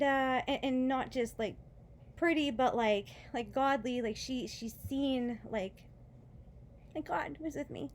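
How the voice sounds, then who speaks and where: Her voice sits high against slight background noise. An adult with children, she vlogs a casual testimony about her faith after foot surgery, hurting yet earnest and talkative, full of fillers and little laughs.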